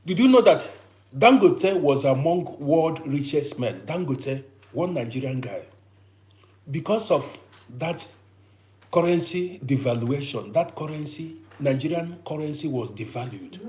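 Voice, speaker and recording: A man's voice: mid-range voice, expressive, a little slow, darkish tone. A man in his fifties giving advice in an emphatic, lecturing monologue full of rhetorical questions. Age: 50s.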